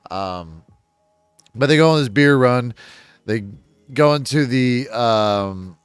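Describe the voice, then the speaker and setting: A man's voice: mid-range voice, lively intonation, slow pace, clear, resonant tone, no room sound, faint music behind. A man giving a casual book synopsis on his channel, rambling with chuckles and self-deprecating asides. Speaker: book reviewer.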